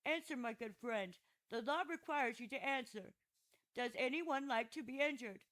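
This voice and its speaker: A woman's voice: on the high side, moderate pace, fairly bright tone, natural voice, rough recording. A woman reading an ironic old philosopher on trial. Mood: ironic questioning. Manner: patient, argumentative questioning. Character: aging male philosopher on trial, ironic and probing. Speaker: audiobook narrator. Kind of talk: audiobook reading of a classic dialogue.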